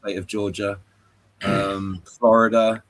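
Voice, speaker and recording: A man's voice: lowish voice, little pitch movement, slow pace, no room sound. A man taking part in a casual panel chat, hesitant and repeating words as he searches for them. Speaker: panel guest.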